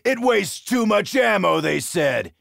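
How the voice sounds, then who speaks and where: A gruff, cocky middle-aged marine barks his wisecracks. His voice is heavily gravelly and bright, jumping up and down in pitch. The recording is dry and close, with no room sound. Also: very animated, unhurried, no echo, exaggerated voice. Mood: gung-ho. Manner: brash, shouty wisecracking. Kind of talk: video game voice lines.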